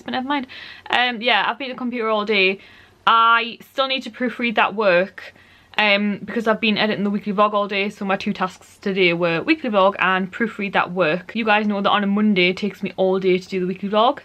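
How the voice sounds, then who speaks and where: A woman's voice: mid-range voice, fairly bright tone. A young woman, gushing and chatty in a casual home vlog, filling her talk with "like". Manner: gushing, chatty, repeats "like" often. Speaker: vlogger. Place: home room.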